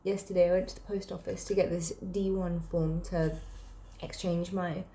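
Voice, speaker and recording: A young woman vlogging casually, sick and low, rambling with lots of fillers and sighs. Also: little pitch movement, normal speed, warm tone, slight background noise. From South Africa. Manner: emotional, rambling, sighing, many fillers. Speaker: book vlogger. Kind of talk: casual personal vlog.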